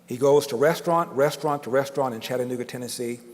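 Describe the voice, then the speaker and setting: A man's voice: mid-range voice, quick pace. Older man telling a dramatic story in a hall. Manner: dramatic, builds with emphatic repetition. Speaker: guest speaker. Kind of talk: storytelling speech. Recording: long reverb of a large hall.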